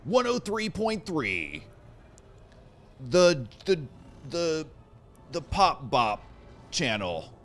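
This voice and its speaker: A man putting on the voice of a cheesy male pop radio DJ, with a booming, drawn-out announcer delivery. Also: wildly swooping pitch, exaggerated voice. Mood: hyping.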